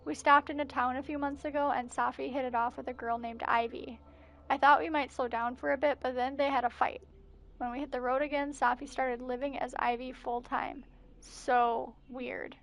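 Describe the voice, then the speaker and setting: During a playthrough, a woman gameplay streamer narrates the game's messages and journal entries aloud, adding breathless asides. Her voice sits high, is a bit bright, and holds fairly flat in pitch at a normal speed.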